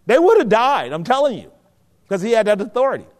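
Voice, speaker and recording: A man preaching a sermon, asking the congregation questions and swinging between quiet, low stretches and emphatic rises. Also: sing-song, fast talker. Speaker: pastor. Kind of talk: sermon teaching. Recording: hall with long reverb.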